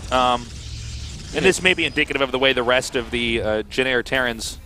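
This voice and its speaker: A man's voice: medium pitch, a little fast, bright, forceful tone, faint music behind. An American man casting a live esports match, mixing chatty jokes with play-by-play analysis. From United States. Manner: chatty, jokey banter between analysis. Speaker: esports caster.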